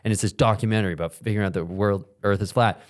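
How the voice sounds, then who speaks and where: Low-voiced young man, halting banter. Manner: animated, halting, swearing banter. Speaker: podcast co-host. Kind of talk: casual comedic chat.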